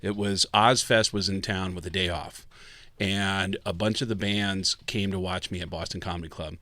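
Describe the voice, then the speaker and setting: A man's voice: low-pitched, normal speed, dry recording. A man, a guest comedian, telling stories in a casual podcast chat and acting out the people in them. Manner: animated storyteller, acts out quotes.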